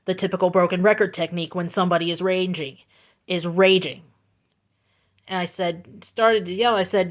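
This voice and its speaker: A woman telling a storytime vlog into her phone, slow, deliberate and emphatic, repeating her points for weight. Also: fairly low pitch, fairly even intonation. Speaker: vlogger.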